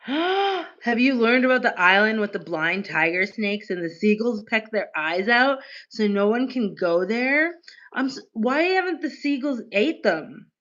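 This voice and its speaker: A woman streamer chatting casually on a livestream, gushing and animated, and she swears casually. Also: a little high, measured pace, lo-fi sound.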